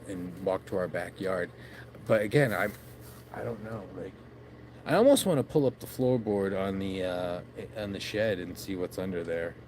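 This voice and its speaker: A man's voice: deep voice, darkish tone, slight background noise. A man vlogging by his backyard shed late at night into his phone, rambling casually, swearing and laughing at himself.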